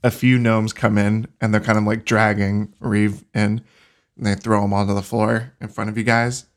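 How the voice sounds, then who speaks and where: A man narrating as game master in a casual, halting way with many fillers. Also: on the low side, level tone.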